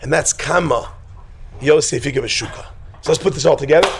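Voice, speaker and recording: A man's voice: a little high, creaky, background noise. A man teaching a group in an informal religious talk. He jokes and wanders off topic, then rises to an emphatic preaching tone. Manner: joking, digressive, quick to laugh. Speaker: teacher leading a class.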